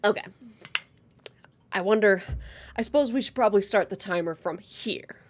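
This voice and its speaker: A woman's voice: mid-range voice, normal speed, slight background noise. A woman hosting a let's play, reading game text aloud with playful, dramatic emphasis.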